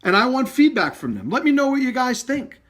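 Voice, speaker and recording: Animated, profane martial arts instructor. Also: male voice, extremely high pitch, a little fast. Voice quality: emphatic, swears freely. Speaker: martial arts school owner. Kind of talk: blunt, profane direct-to-camera rant. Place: live video stream.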